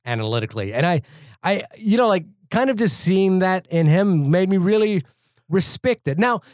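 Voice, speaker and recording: A man from India chatting casually about a film as a podcast host, animated and full of restarts and fillers. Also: sits high, moderate pace, no room sound, studio quality. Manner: animated, thinks aloud with many restarts and fillers.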